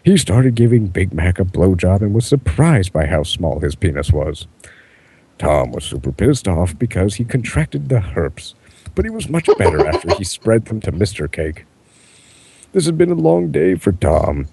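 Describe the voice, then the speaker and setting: A man reading absurd fan fiction aloud in a mostly deadpan way, often cracking up. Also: sits low, normal speed, creaky, slight background noise. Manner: deadpan delivery breaking into laughter. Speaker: reader.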